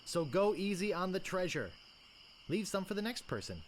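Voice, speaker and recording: A wry young pirate hero. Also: male voice, high-pitched, big pitch swings, normal speed, a little hiss or hum. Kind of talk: game dialogue.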